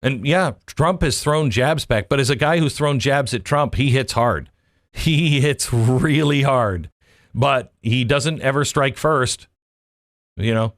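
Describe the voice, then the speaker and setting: A man's voice: medium pitch, takes it slowly, no echo, clean studio sound. A man hosting a political opinion show, delivering a monologue full of rhetorical questions and folksy asides. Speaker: political commentary host.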